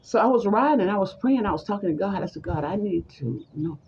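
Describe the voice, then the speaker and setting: Woman storyteller, gravelly voice, acts out the voices she quotes, dull lo-fi recording with faint hiss. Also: medium pitch, animated, a little fast, darkish tone. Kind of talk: personal story told in conversation.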